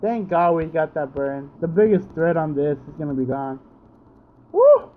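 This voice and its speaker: A man's voice: fairly high pitch, normal speed, narrow, tinny audio, slight background noise. A man giving casual gameplay commentary, sleepy and yawning, groaning in frustration at misses and repeating himself. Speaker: let's play gamer. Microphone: home recording setup.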